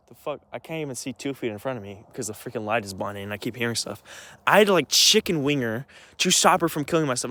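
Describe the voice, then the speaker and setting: A man's voice: on the high side, bright, forceful tone, no echo. Heated young man ranting on camera. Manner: agitated, rambling, with many restarts and swearing. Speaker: vlogger. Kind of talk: heated storytime rant.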